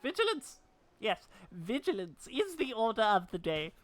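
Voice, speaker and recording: A woman voicing a theatrical, bumbling gentleman inspector in a video game, speaking in old-fashioned formal phrasing. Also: medium pitch, very animated, normal speed, faint music behind, close to an everyday voice. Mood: dramatic.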